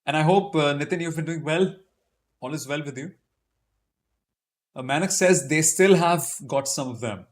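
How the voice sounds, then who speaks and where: This YouTube live-stream host has a fairly high voice, a moderate pace, and a habit of pausing often. In a relaxed Q&A, he reads comments from viewers and responds with chatty humor aimed at himself.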